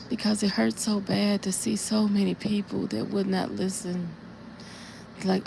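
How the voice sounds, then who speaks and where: A woman's voice: medium pitch, little pitch movement, a little slow, gravelly, warm tone, slight background noise. A woman on a casual live stream, earnestly retelling a dream in a repetitive way and speaking straight to her viewers. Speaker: livestreamer.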